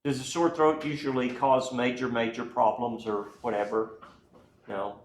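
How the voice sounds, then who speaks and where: A man's voice: mid-range voice, little pitch movement, normal speed, slight background noise. A man giving a classroom anatomy lecture in a folksy way, often checking in with the class. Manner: folksy, keeps checking in with "right?" and "okay?". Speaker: anatomy instructor. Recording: echoey room, voice from far off.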